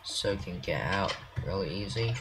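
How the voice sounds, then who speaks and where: A man's voice: low voice, moderate pace, background noise. A man rambling self-consciously in casual commentary while he builds in a game. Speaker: game creator. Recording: clear mouse clicks and typing.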